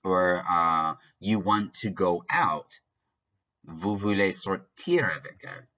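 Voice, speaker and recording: Deep-voiced man teaching a lesson. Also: expressive, takes it slowly, bright, forceful tone. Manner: explains step by step, switching between French examples and English glosses; offhand asides and small jokes. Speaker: French teacher. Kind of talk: recorded classroom lesson. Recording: dull lo-fi recording.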